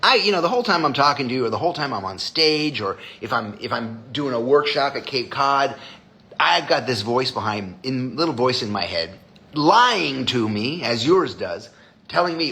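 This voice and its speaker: A man's voice: mid-range voice, sing-song, normal speed, bright, forceful tone. A man hosting a live stream as a designer, chatting casually with viewers in a blunt, profane way.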